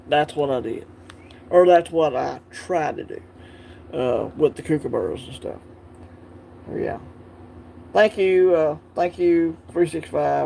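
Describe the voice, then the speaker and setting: A man's voice: high-pitched, creaky, darkish tone. A man from Alabama with a Southern accent, hosting a casual coin-collecting livestream, rambling, laughing and answering viewers' chat.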